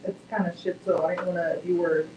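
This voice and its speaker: A woman in the audience asking a question in a hesitant, quiet way. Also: lowish voice, level tone, a little fast. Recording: echoey, noisy, far off.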